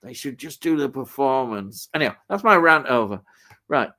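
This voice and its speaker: A man hosting a livestream, chatting casually and slowly thinking aloud, with frequent fillers and a mild rant. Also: medium pitch, lively intonation, pushed and bright. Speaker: livestream host. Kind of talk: casual chat.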